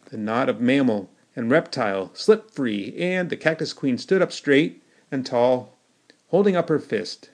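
A man's voice: mid-range voice, darkish tone. A man hosting his own podcast, reading his novel aloud in a folksy storytelling manner. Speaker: podcast host and author.

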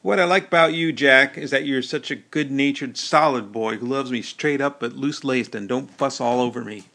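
A man's voice: medium pitch, moderate pace, vocal fry, sharp tone. A man voicing a bold, teasing young frontier army wife who talks in a blunt, folksy way, in an audiobook. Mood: coaxing. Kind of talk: audiobook character voice.

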